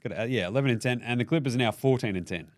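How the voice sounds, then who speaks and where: A man's voice: mid-range voice, rapid-fire, no echo, studio quality. A man with an Australian accent hosting a casual basketball recap, ranting with a lot of swearing and jokes. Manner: profane, animated, jokey rant. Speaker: basketball show host.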